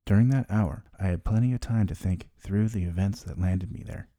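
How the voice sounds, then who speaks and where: Middle-aged man, wry candid storyteller, very deep voice, warm dark tone, dry close mic. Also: brisk, no room sound. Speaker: podcast host. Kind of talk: scripted personal narration.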